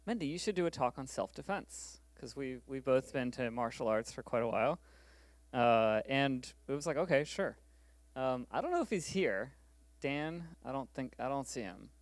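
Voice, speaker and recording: A man's voice: mid-range voice, no echo. Chatty man giving an improvised conference talk. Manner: loose, chatty, unprepared. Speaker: conference lightning-talk speaker.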